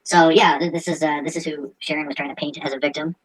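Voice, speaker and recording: A woman's voice: sits low, fairly even intonation, fast, noisy background. A woman hosting a podcast in casual, profane chat, mocking and laughing, stumbling as she reads aloud. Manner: crude, mocking, laughs often; stumbles while reading aloud. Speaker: podcast host.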